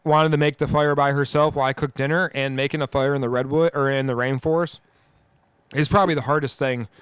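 A man co-hosting a casual podcast, telling road-trip stories with loud, profane, acted-out bursts. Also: mid-range voice, quick pace, clear, resonant tone, no room sound. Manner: animated, profane storyteller acting out scenes loudly. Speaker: podcast co-host. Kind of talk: casual storytelling.

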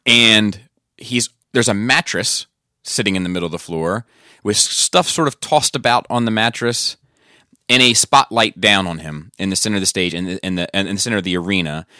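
A man with a low, bright voice tells an animated story in casual chat. He swears offhandedly as he goes. His voice is recorded dry and close. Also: moderate pace, dry recording. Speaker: podcast co-host.

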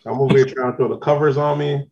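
A podcast co-host tells a long story in relaxed slang while still recovering from an illness, with some symptoms lingering. His mid-range voice is steady, fast, and a little mellow, and the audio sounds dull.

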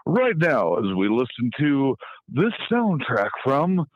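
A man's voice: medium pitch, very animated, takes it slowly, a little hiss or hum. A man who works in radio calling in to chat on a podcast, easygoing and mimicking voices as he tells stories. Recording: dry, dull call-in audio.

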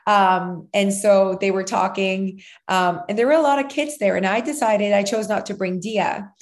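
A woman's voice: medium pitch, moderate pace. Chatty woman telling a rambling story. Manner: rambling, filler-heavy storytelling with acted-out quotes. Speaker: podcast co-host, mother of a child actor. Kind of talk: casual chat.

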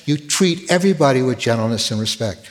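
A man's voice: medium pitch, animated, quick pace, big-room sound. A man preaching a sermon as pastor, earnest, often repeating words as he starts a phrase.

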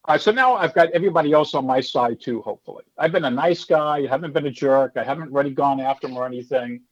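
On a muffled recording, a man with a mid-range voice moves at a quick pace through a casual interview. Now in his fifties and formerly a stand-up, he tells his stories animatedly, playing the people in them and slipping into character voices for hecklers.

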